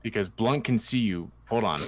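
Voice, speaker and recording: A man's voice: fairly low pitch, moderate pace, a little hiss or hum. A man running an online tabletop game as dungeon master, frustrated and restarting his sentences as he troubleshoots. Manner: frustrated with technical problems.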